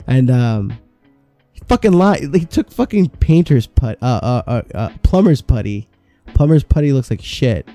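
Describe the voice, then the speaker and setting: A man's voice: mid-range voice, animated, normal speed, dark tone, soft background music. A man co-hosting a podcast, telling a rambling, profane work story in casual chat. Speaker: podcast co-host.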